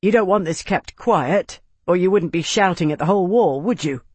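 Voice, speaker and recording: A narrator voicing a young male centurion on wall watch, eager and loyal, calling out loudly and then speaking with brisk military courtesy. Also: high voice, breathy edge, no echo. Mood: dutiful.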